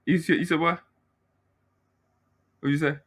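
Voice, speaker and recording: A man's voice: fairly high pitch, flat delivery, measured pace, slightly rough. A man with a Baltimore accent, teasing and bantering in a casual panel chat. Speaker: panel co-host.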